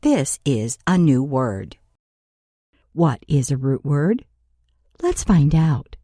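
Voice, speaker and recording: A woman delivers a scripted grammar lesson as a teacher, each word placed with great slowness and letters spelled out one by one. Her voice sits low yet rises and falls in a lively way. The sound is mellow and dry, close to the mic. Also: dry recording. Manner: slow, deliberate, spelling out letters for learners. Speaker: English teacher.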